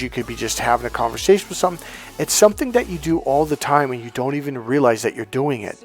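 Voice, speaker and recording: A man in a motivational monologue who tells his story in loose, slangy talk and swears freely. His voice sits a little high for a man, and faint music plays behind him. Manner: casual and profane, with slang. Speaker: motivational coach.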